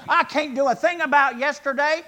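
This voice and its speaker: A man's voice: extremely high pitch, pushed and bright. A man preaching a sermon to a congregation, stressing key words by drawing them out and asking the listeners questions. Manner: emphatic, drawn-out stresses, asks the congregation questions.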